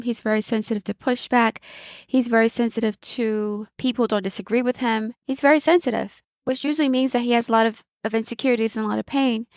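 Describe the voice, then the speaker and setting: A woman's voice: on the high side, dry recording, studio quality. A woman hosting her own channel, talking through her thoughts in casual commentary, reflective and given to repeating phrases for emphasis, with frequent small laughs. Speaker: video host.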